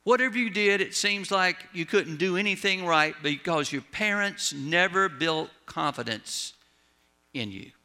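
A man preaching in a folksy storytelling way, his voice gravelly with a lot of fry. His tone is bright and forceful, pitched a little high for a man, and it sinks low at the close of each line. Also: measured pace. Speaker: pastor. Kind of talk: sermon.

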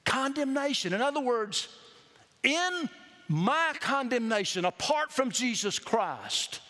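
A man's voice: extremely high pitch, big pitch swings, a little slow, sharp tone. A male pastor preaching an emphatic sermon, quizzing the congregation with questions as he goes. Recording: long reverb of a hall.

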